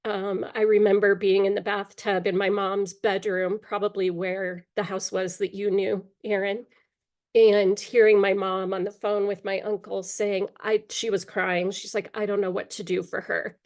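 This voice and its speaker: Candid middle-aged woman, halting storytelling. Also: medium pitch, level tone, darkish tone. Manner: candid, halting, with frequent pauses and fillers. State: throat-clearing from allergies. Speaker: guest. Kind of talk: personal storytelling in an interview.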